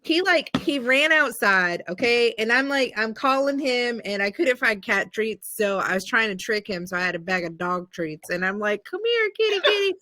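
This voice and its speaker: Bright-voiced Southern woman telling a story. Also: medium pitch, moderate pace, hardly any pauses, dry recording, studio quality. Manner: animated, many "like"s and "I'm like", acts out voices in quotes. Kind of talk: casual storytelling chat. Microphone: video call.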